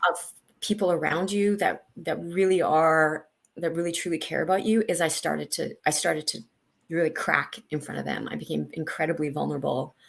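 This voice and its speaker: A woman with a low voice and a gravelly edge speaks over a video call. She tells her story haltingly, restarting her sentences often, and turns animated when she relives key moments. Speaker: guest, senior leader. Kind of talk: candid personal interview.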